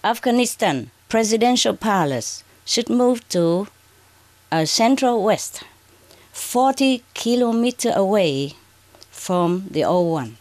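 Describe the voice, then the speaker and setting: A woman spiritual teacher addressing an audience under bright spotlights, speaking in halting, broken English with frequent "okay" and "huh". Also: medium pitch, animated. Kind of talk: addressing an audience from a prepared reading.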